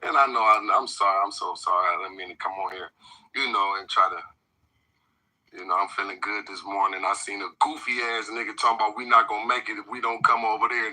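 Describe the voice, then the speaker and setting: Man, casual commentary, bright and sharp, husky, heated and profane. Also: lowish voice, a little fast, low-quality recording. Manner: animated, profane, swings from loud outbursts to muttering. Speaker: commentary co-host.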